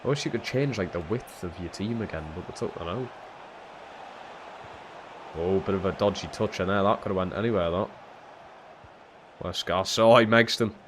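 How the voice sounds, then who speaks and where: A young man commentating live on his own football video game in a lowish voice. He mutters his way through the play, cursing freely, then bursts into loud shouts at goals and blunders. A faint hiss sits under the stream audio. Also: moderate pace, pauses often. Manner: swears freely and swings from low muttering to shouting at big moments.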